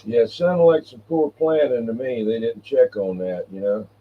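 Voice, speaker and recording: A man's voice: medium pitch, lively intonation, moderate pace. A man chatting casually on the radio, explaining his old radio set in an easygoing way with filler words. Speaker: radio hobbyist. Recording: tinny radio transmission.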